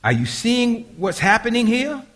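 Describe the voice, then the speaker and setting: An older man, a grandfather, preaching a sermon and swinging from hushed asides to loud, raised bursts. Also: extremely high pitch, big pitch swings, unhurried. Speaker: pastor.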